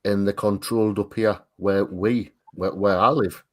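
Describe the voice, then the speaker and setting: A man with a Northern English accent from Tyne and Wear talks in a relaxed group chat. His voice sits on the low side, and he often stops and repeats himself as he reaches for the next word. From Northern England. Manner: halting, repeats words while searching for them. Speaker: art stream co-host. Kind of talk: casual group chat on a livestream.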